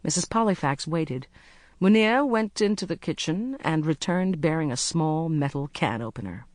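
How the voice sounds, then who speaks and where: Expressive audiobook narrator, dry close sound. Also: mid-range voice, no echo. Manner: measured, expressive storytelling.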